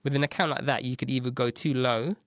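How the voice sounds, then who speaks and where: A man, an agency founder telling stories in a casual interview, animated and acting out the voices of people he quotes. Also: medium pitch, quick pace, no room sound, studio quality. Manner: animated, acts out quoted dialogue, frequent "right?". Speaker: agency founder, podcast guest.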